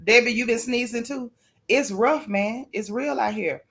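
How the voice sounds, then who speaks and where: A woman's voice: on the high side, moderate pace, creaky, fairly bright tone. Woman host, casual livestream gossip chat, sniffly, talks right to the viewers. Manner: chatty, addresses viewers directly, apologetic. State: sneezing, sniffly from allergies.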